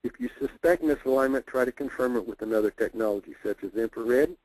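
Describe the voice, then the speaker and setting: A man's voice: mid-range voice, lively intonation, fast talker, a little mellow, no room sound, low-quality recording. A man presenting a technical training webinar, plainspoken and repeating his key points for emphasis.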